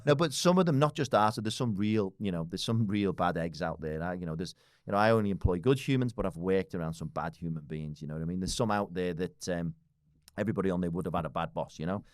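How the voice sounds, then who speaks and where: A British man in his forties talks bluntly as a guest on a casual podcast, swearing freely and laughing often. His deep voice moves fast. The sound is clean studio audio with no echo.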